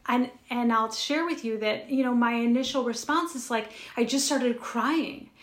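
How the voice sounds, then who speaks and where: A woman's voice: a little high, normal speed, echoey room. A woman co-hosting a spiritual chat show, telling a personal story in an earnest, rambling way with many restarts. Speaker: podcast co-host.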